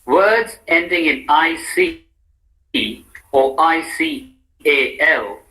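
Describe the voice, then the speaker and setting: Male language-lab instructor, slow measured delivery, bright tone, scripted drill narration. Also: on the high side, animated, rough recording. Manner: measured, explanatory. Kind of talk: scripted pronunciation lesson.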